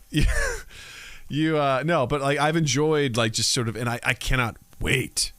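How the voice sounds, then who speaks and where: A man's voice: mid-range voice, a little slow, dry recording. A man in his thirties co-hosting a podcast, chatting casually and acting out family conversations as he tells stories. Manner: animated storyteller acting out family dialogue. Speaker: podcast co-host. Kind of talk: casual chat.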